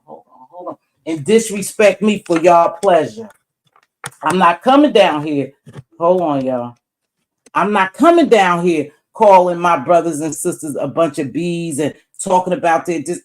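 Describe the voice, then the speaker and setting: A woman's voice: deep voice, darkish tone. A woman hosting a live stream in a blunt, preachy rant, swearing freely.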